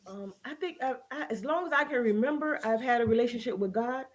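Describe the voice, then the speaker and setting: As a guest in a casual interview, a woman with a fairly high pitch and lively intonation speaks at a quick pace. She tells a personal story earnestly and emotionally, like a testimony, often restarting her sentences.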